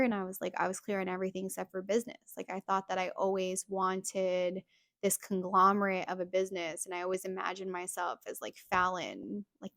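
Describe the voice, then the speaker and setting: A woman's voice: medium pitch, no room sound, studio quality. A young adult woman hosting a podcast, telling a personal story in a chatty way full of fillers. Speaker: podcast host.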